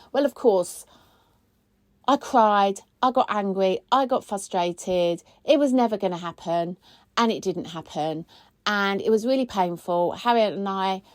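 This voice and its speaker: A woman, hosting a casual weekly chat. She talks in a chatty, expressive way, and her pitch jumps high when she gets excited. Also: dry recording. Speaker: podcast host, spiritual coach.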